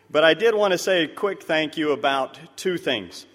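A man's voice: fairly high pitch, lively intonation, normal speed, few pauses, fairly bright tone. A man giving a mission report to a church, telling stories earnestly and with animation. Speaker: missionary speaker. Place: church sanctuary. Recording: echoey church hall.

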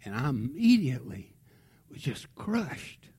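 Husky, animated middle-aged male preacher. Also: mid-range voice, measured pace. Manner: animated storytelling, drops to a hush for tender moments. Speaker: pastor. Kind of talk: sermon storytelling.

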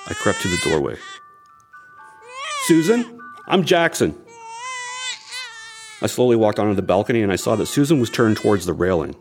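A man narrating as a tense amateur detective. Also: lowish voice. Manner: storytelling, tense, measured. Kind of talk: audio drama narration.

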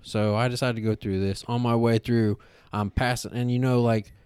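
A podcast co-host with a smooth, medium-pitched voice tells a story at normal speed in casual conversation, animated and swearing heavily. He stuffs his sentences with "like," and the recording has no echo.

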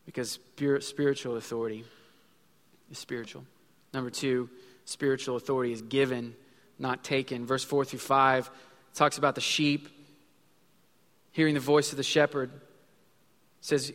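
A man's voice: mid-range voice, little pitch movement, normal speed, long pauses, fairly bright tone. A man in his thirties preaching a sermon in a conversational way, acting out little quotes as he goes. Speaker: pastor. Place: church sanctuary. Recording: long hall reverb with faint music.

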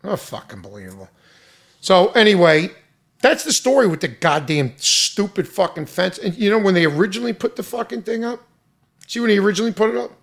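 Man, gravelly voice, high-pitched, angry profane rant, exasperated. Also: big pitch swings, brisk. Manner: loud, profane, exasperated, mocking imitations. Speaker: restaurant owner venting.

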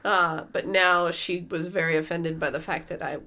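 A woman's voice: fairly low pitch, steady tone, normal speed, sharp tone. A woman co-hosting a podcast in casual chat, giggly and self-deprecating. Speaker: podcast co-host.

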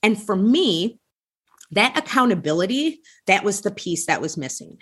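A woman hosts a podcast and shares her own story in an open, conversational way. Her voice has a soft, husky breathiness and sits at an ordinary middle pitch. She talks candidly, with plenty of casual fillers. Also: big pitch swings, moderate pace. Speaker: podcast host.

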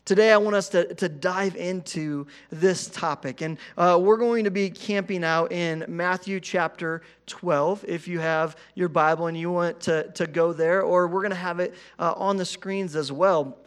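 A man's voice: high-pitched, fairly even intonation, measured pace, hardly any pauses, smooth. A man in his thirties preaching a sermon in a conversational way, often repeating words and asking "right?". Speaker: pastor.

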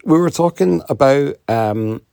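A middle-aged man, a father co-hosting a casual family podcast, joking in a deadpan way and hesitating with many ums. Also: mid-range voice, unhurried, creaky, dry recording, clean studio sound. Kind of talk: casual chat. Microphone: podcast microphone at a mixer desk.

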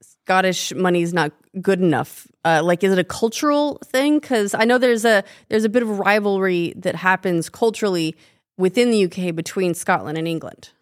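A woman's voice: medium pitch, expressive, moderate pace, no room sound, clean studio sound. Curious woman co-host in casual chat. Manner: curious, asks follow-up questions. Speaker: podcast co-host.

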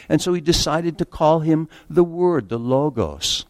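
A man preaching a sermon in an earnest way, slowing down to read scripture aloud and stumbling over the odd restart. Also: fairly high pitch, lively intonation, no room sound, clean studio sound.

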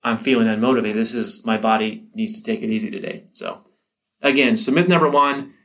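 A man's voice: lowish voice, brisk, sharp tone. A middle-aged man, a teacher, giving a casual motivational talk to other teachers, often repeating words and acting out his own inner thoughts.

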